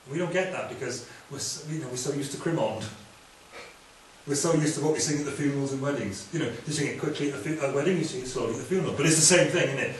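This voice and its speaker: A man from Wales preaching a sermon in a lively, conversational way with quick humorous asides. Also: mid-range voice. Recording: echoey hall, distant from mic, faint room noise.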